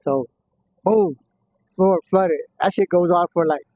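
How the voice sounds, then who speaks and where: There's slight background noise as a man with a high-sitting voice, talking a little slowly, relaxedly narrates something that happened in prison. Expect heavy swearing, bursts of laughter and impressions of what others said, all in dull, muffled, dry audio.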